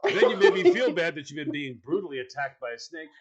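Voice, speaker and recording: A man's voice: on the high side, wildly swooping pitch, quick pace, vocal fry, highs cut off, a loud crowd. A man comically retelling an exasperating story, laughing as he talks with mock bewilderment. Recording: audience noise behind.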